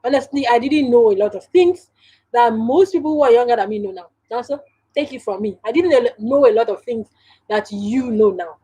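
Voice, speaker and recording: A woman's voice: on the high side, animated, normal speed, dark tone, breathy edge, low-quality recording. A woman with a Nigerian English accent hosting a casual live stream from home, chatting directly to viewers and laughing often.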